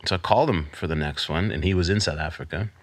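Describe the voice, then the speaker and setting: Very deep-voiced man telling a heartfelt story. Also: quick pace, dry recording. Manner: storytelling, quotes his father in animated voice. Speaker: podcast guest. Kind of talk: candid interview conversation.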